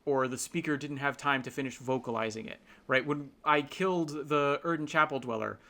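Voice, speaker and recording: Speaking at a moderate pace, a man with a mid-range voice and a sharp tone hosts a casual explanatory talk. He thinks out loud, restarting and using fillers, and keeps checking in with his listener via tag questions.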